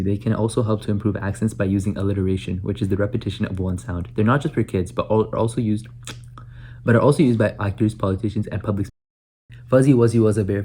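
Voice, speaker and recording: A man's voice: lowish voice, warm tone, slight background noise. A young man in a casual vlog, chatting and reciting tongue twisters, often tripping and starting over. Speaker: vlogger. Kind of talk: casual self-recorded practice vlog.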